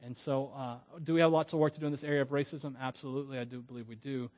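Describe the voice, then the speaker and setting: A man's voice: medium pitch, fairly even intonation, rapid-fire, a little mellow. A man from Florida preaching as a pastor, in a conversational, digressive way with frequent chuckles. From Florida, USA. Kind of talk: sermon.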